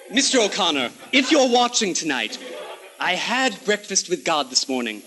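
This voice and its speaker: The host of a comedy cable show delivers a campy monologue in a grand, haughty, mock-aristocratic style, sprinkling in affected French phrases. His high voice swings widely in pitch at an unhurried pace, with a crowd audible behind him.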